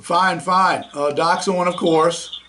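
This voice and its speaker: High-pitched excitable talk show host. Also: male voice, slow pace. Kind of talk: casual talk radio.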